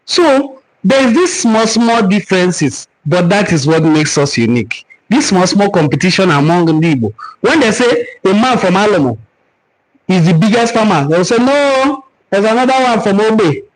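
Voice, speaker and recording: A man with a Nigerian accent hosts a cultural forum over a live stream, teaching and fielding viewer comments in an earnest, preaching fashion and repeating words for emphasis. He has a high voice with lively intonation and a moderate pace, on a rough recording.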